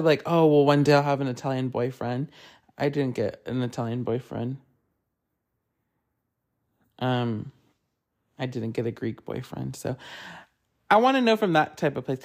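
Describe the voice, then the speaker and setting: A man hosting a podcast, chatting casually and gossiping in a rambling, animated way, swearing often and filling his talk with "like.". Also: a little high, vocal fry. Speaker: podcast host.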